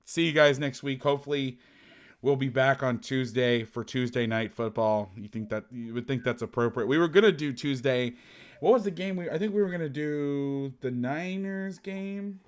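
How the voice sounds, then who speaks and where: A man's voice: mid-range voice, moderate pace, smooth. Man casually telling a profane story. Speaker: podcast host and football coach. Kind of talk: casual chat.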